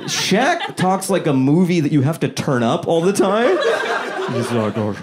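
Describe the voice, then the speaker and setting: Animated male stand-up comic. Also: on the high side, measured pace. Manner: animated, exasperated storytelling with voiced characters. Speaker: stand-up comedian. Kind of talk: stand-up routine. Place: comedy stage before a live audience. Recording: live set with loud crowd noise.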